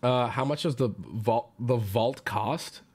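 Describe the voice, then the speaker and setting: A man streaming casually and answering his chat, excitable, swearing freely and jumping into loud outbursts. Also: mid-range voice, takes it slowly, slightly rough. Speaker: streamer opening card packs.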